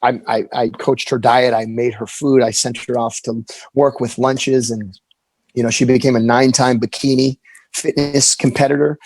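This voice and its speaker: A man in his forties telling a candid personal story as an interview guest, earnest and halting, often restarting his sentences. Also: medium pitch, level tone, a little mellow, rough recording.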